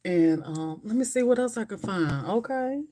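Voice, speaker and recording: Woman, livestream host, loose rambling chat with her audience, mid-pitched. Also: lively intonation, normal speed, dark tone. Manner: chatty, rambling, talks straight to viewers. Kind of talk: casual chat with live viewers.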